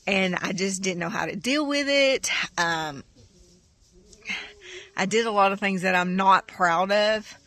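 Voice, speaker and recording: A woman's voice: lowish voice, sharp tone, no room sound. A middle-aged woman, sharing a heartfelt, emotional faith testimony on her farm vlog, rambling and saying y'all often. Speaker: farm vlogger.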